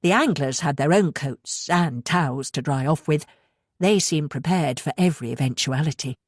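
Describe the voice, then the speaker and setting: A woman narrates a thriller audiobook in an even, measured tone. Her voice sits low, and the close studio mic gives a dry sound. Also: dry recording. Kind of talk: scripted narration.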